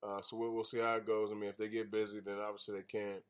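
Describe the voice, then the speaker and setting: Low, smooth, and completely flat, this man talks quickly as he hosts an independent radio show via video call. The conversation is rambling and jokey, with many fillers and restarts.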